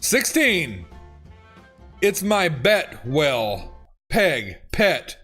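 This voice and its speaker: A man's voice: on the high side, sing-song, very slow, bright, forceful tone, husky, faint music behind. A man reading funny text messages aloud and reacting, laughing often and swearing. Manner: laughs often, reads lines with swearing and exclamations. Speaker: YouTuber reading autocorrect fails.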